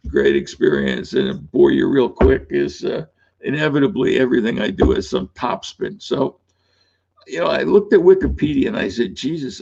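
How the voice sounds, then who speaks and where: A gravelly, husky older man spins loose, rambling anecdotes as an interview guest, chuckling between stories. His voice comes through a dull, lo-fi recording. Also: mid-range voice, a little mellow. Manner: rambling anecdotal, laughs often. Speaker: author guest. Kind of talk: casual interview storytelling.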